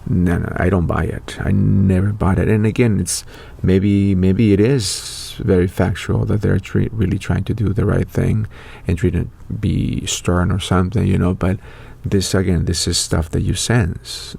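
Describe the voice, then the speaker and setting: A man's voice: sits low, little pitch movement, unhurried, creaky, hardly any pauses, warm tone, slightly rough. A middle-aged man hosting his own show, talking in a loose, rambling monologue full of fillers and restarts. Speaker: online show host. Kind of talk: casual spoken monologue.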